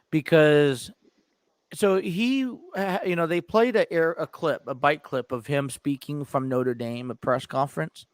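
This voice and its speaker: A man co-hosting a sports talk show, his voice sitting a little higher than most men's. He rambles through his points with restarts and quick laughs. The sound is close and dry, with no room around it. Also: a bit bright, smooth, no room sound. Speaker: sports podcast co-host. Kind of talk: casual sports chat.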